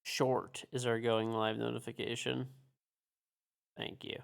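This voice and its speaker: A man's voice: medium pitch, flat delivery, slow pace, gravelly, clean tone. A young man streaming a game, chatting casually in a joking, profane, laid-back way. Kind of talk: casual chat.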